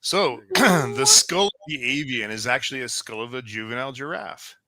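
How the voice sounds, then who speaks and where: Man, trivia segment, bright tense voice, dry sound, steady delivery. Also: medium pitch, normal speed, dry recording. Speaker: podcast co-host presenting trivia. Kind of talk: reading out fun facts.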